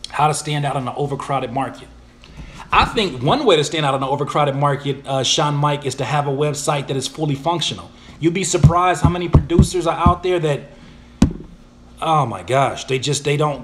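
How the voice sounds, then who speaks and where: A man's voice: a little high, slight background noise. Slangy man answering viewer questions. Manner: animated, slangy, reads questions aloud then answers. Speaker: YouTuber and music producer answering viewer questions. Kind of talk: casual live Q&A.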